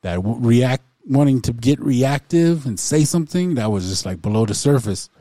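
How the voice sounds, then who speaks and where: A man's voice: medium pitch, expressive, normal speed, mellow, no room sound, studio quality. A man co-hosting a podcast in casual chat, speaking reflectively and repeating phrases as he talks himself through a thought. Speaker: podcast co-host.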